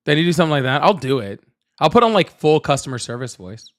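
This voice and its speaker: Livestream host, man, slightly high voice, loose rambling delivery to chat. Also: big pitch swings, fast. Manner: rambling, repeats himself, talks straight to chat. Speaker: livestream political debate host.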